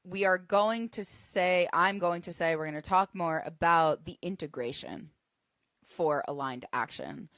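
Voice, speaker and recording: A woman hosting a solo podcast, teaching in an earnest, emphatic way that builds to forceful bursts. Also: fairly low pitch, measured pace, dry recording, clean studio sound. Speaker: podcast host.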